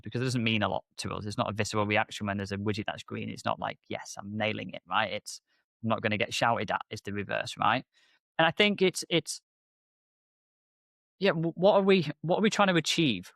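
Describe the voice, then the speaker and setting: Animated man on a podcast. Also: vocal fry, dry recording, studio quality. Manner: animated storyteller, acts out exchanges with rising pitch. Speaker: podcast co-host, MSP business owner. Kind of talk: casual podcast chat.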